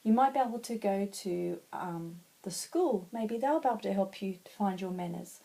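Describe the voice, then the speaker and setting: A friendly little girl from a spoken children's story, as a woman puts her on. She gives advice helpfully in a soft, mellow tone. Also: medium pitch, normal speed, gravelly, natural voice. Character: kind little girl under a tree.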